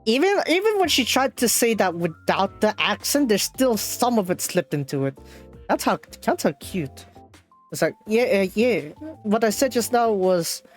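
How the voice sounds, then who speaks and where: A woman streaming a game, reading the dialogue aloud and translating it, with halting speech full of fillers and restarts. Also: medium pitch, very animated, soft background music.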